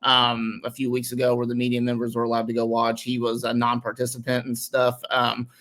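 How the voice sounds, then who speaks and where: A man's voice: mid-range voice, monotone, brisk, fairly bright tone. Rambling man talking sports, full of fillers. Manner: rambling, heavy on "um" and "you know". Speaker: guest analyst. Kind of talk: casual sports podcast chat.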